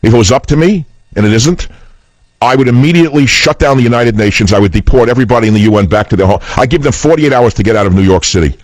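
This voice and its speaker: A man's voice: medium pitch, fast, no echo, rough recording. A man hosting political talk radio, speaking in a combative, scornful and emphatic way.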